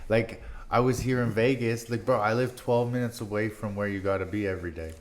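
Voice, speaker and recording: A man's voice: fairly low pitch, steady tone, fairly quick. A young man co-hosting a podcast in casual chat, laid-back and laughing easily, often saying "bro". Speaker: podcast co-host and fighter.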